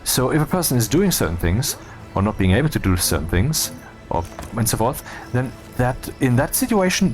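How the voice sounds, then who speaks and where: A man talking casually over gameplay, rambling and cutting himself off, with wry asides. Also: medium pitch. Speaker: video creator.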